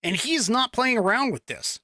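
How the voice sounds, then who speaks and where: A man's voice: extremely high pitch, sing-song, moderate pace, bright, forceful tone, no echo, clean studio sound. A man hosting a political talk show, giving opinionated commentary with mocking asides and frequent laughs. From United States. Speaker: podcast host.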